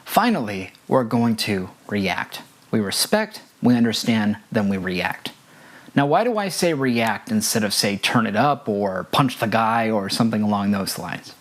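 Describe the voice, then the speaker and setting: A man's voice: fairly low pitch, big pitch swings, unhurried. Earnest man teaching sound engineers. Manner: earnest, emphatic, repeats key points. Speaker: front of house audio engineer. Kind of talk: instructional talk with personal stories.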